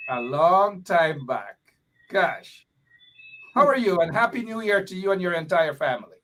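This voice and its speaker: A man hosting a live political talk show, chatty and animated with laughing asides. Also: high voice, unhurried, a little hiss or hum. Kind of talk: casual live-show chat.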